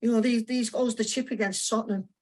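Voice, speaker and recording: A man's voice: very high voice, steady tone, a little fast, a little mellow. A man as a guest on a football podcast, telling stories with enthusiasm and painting match moments. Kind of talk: casual football chat.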